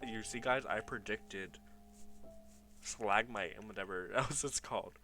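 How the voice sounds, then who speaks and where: Young guy chatting thru his old game world, bright voice, laughs a lot, faint music behind. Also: fairly low pitch, measured pace. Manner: nostalgic, laughs often, reads old signs aloud. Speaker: gaming YouTuber. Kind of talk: casual gameplay commentary.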